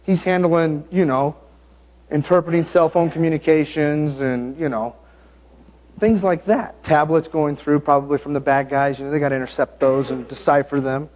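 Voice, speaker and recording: A man's voice: on the high side, normal speed. A man preaching a sermon, acting out the story with jokes and asides. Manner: animated storytelling, acting out the scenes; joking and self-interrupting.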